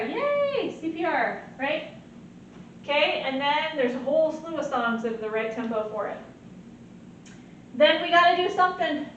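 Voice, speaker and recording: A woman teaching a nursing lecture in an animated way, often checking in with "right?". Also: high-pitched, a little hiss or hum. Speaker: nursing instructor. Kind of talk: recorded lecture. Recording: very echoey, distant, muffled.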